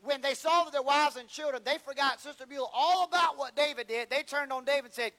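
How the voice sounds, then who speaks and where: A man's voice: very high-pitched, fast talker, hardly any pauses, sharp tone, rough recording. A man preaching a sermon, acting out whiny prayers and bits of dialogue for humor.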